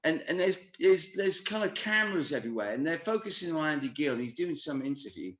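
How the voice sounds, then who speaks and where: A man telling wild anecdotes in a casual conversation, animated and swearing freely. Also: fairly high pitch, a little fast, reverberant. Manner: animated storyteller who swears often. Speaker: musician guest.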